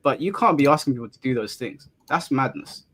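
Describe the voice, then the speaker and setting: A man's voice: medium pitch, animated, a little fast, fairly bright tone. A man hosting a heated discussion, blunt and exasperated, pressing his point. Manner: blunt, exasperated, keeps cutting back in. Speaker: podcast host.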